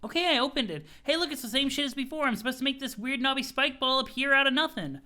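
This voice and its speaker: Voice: sits high, fast talker, pushed and bright, voice pushed up. A streamer voicing a flippant, sarcastic young woman who puts herself down. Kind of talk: reading a webcomic aloud with voices.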